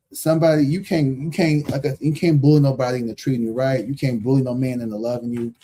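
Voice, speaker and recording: A man's voice: mid-range voice, warm tone. A man in his thirties giving a live tarot reading in casual, slangy talk, blunt and profane, repeating himself for emphasis and laughing often. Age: 30s. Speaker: tarot reader hosting a live stream.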